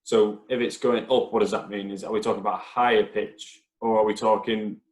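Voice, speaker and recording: A man's voice: fairly low pitch, little pitch movement, a little fast, darkish tone. Rambling man teacher in an echoey room. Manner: rambling, full of restarts and asides. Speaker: podcast co-host, teacher. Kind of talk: casual podcast discussion.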